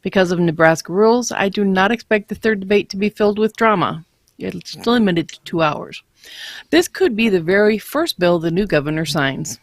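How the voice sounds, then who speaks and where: A woman co-hosting a podcast, reading news items in a steady read-aloud way. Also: medium pitch, normal speed, no room sound. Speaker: podcast co-host.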